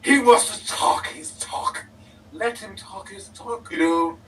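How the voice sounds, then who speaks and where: A man cutting a theatrical wrestling promo as a guest, menacing, swinging between shouts and whispers. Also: high voice, slow pace, recorded from a distance, poor audio.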